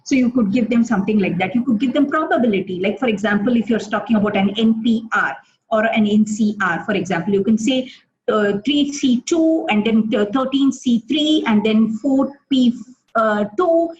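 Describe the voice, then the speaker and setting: A middle-aged woman with an Indian English accent leads a teacher webinar. Her fairly high voice comes through muffled, lo-fi video-call audio. She piles up classroom examples with many fillers and restarts. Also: a little mellow, slight background noise. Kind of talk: live webinar talk answering questions.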